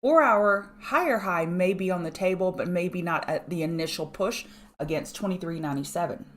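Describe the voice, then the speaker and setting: With a voice on the low side, a middle-aged female market analyst hosts a fast-paced, talkative pre-market livestream. She greets viewers by name between comments on the charts, her regional accent coming through strongly.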